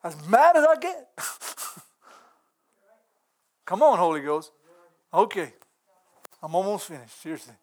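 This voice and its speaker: A man with a high voice preaches in a folksy, earnest way. He is middle-aged and breaks into chuckles as he talks. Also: sing-song, a little slow, pauses often. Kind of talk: sermon.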